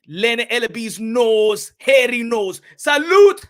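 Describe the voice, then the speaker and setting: A man with a very high, bright, forceful voice hosts a boxing talk show. He riffs to his viewers with animated, hyped emphasis and stretched-out words. His delivery is loose and unscripted, like live commentary chat. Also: a little fast.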